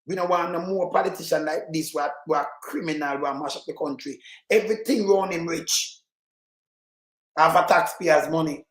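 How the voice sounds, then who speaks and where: A man with a Jamaican accent, ranting commentary on the news, heated and preachy with sudden shouts. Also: fairly high pitch, normal speed, reverberant, rough recording. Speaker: online commentator.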